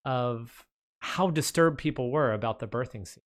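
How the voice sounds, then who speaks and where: A man's voice: medium pitch, normal speed, a crowd in the background. A man co-hosting a casual film review podcast, chiming in and steering the talk. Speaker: podcast co-host.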